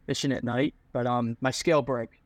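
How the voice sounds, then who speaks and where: A man's voice: mid-range voice, steady tone, moderate pace, dry recording. A man from the Philadelphia area hosting a podcast, chatting casually and encouraging his guest. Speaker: podcast host.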